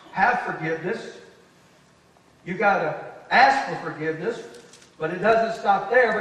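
A man preaching a folksy, emphatic sermon as pastor, slowing down to stress key phrases. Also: sits high, fairly bright tone. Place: church sanctuary. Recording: echoey hall from far off.

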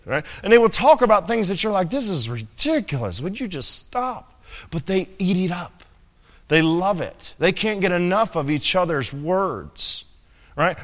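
A man's voice: on the high side, fairly bright tone, in a large hall. A young man preaching a sermon in a conversational, joking way, often asking "right?". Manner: conversational, jokey preaching with many "right?" asides. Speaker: pastor.

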